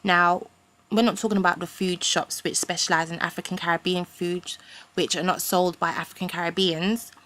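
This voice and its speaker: A woman's voice: fairly low pitch, flat delivery, moderate pace, fairly bright tone, a little hiss or hum. A young woman, ranting in a rambling, indignant way with casual slang as a vlogger. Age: young adult. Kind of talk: ranting to camera.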